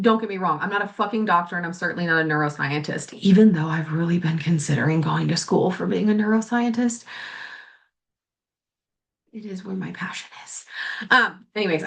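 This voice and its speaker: A woman hosting a coaching podcast, talking casually and bluntly with frequent swearing. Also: fairly low pitch. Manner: blunt and profane, animated. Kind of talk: casual motivational talk.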